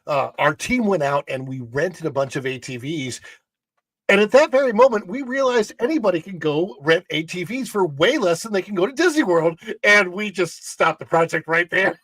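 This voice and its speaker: A man's voice: sits high, animated, moderate pace, fairly bright tone, no echo. A man on a podcast panel, making dry jokes in casual chat. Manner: dry joking.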